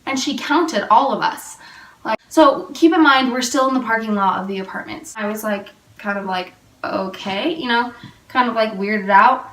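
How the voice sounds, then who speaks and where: A young woman tells a story for her vlog in a somewhat high voice, looping back on herself and dropping "like" everywhere. She sits back from the camera mic, and the sound bounces around a roomy space. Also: normal speed, fairly bright tone. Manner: rambling, filler-heavy storytelling. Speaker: vlogger. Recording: roomy and a little distant.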